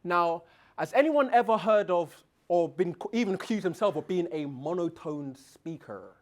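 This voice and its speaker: Lively high-voiced man giving a keynote. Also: moderate pace. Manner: dramatic swings in loudness and pitch to demonstrate voices; asks the audience questions. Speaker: keynote speaker. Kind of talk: conference keynote on presentation skills. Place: conference hall.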